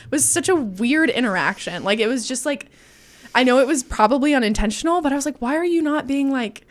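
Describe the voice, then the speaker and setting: A woman's voice: sits high, animated, fairly quick. A woman co-hosting a podcast, telling a personal story in casual chat, acting out quotes and laughing often.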